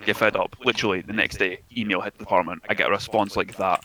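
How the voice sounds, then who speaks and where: A young Scottish man tells blunt, sweary stories in quick-fire casual chat. His voice sits fairly low and the words tumble out fast. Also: fairly even intonation, pushed and bright, a little hiss or hum, low-quality recording. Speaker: tabletop game player.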